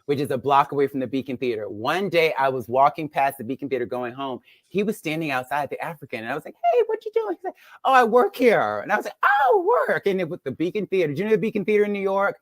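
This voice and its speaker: A woman's voice: sits low, quick pace, few pauses, dry recording. A woman in her fifties, a guest speaking over a video call, telling candid stories between laughs in a casual chat. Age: 50s.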